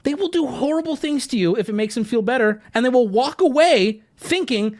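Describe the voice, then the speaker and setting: A man streaming live, ranting casually to his chat with animated swings between mock outrage and joking. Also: high voice, normal speed, few pauses.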